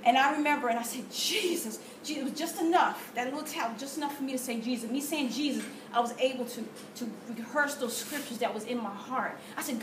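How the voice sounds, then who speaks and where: A woman giving a lively church testimony, telling her story with gasps and quoted prayers. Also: high voice, fairly quick. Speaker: testimony speaker. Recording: echoey room from far off with noise.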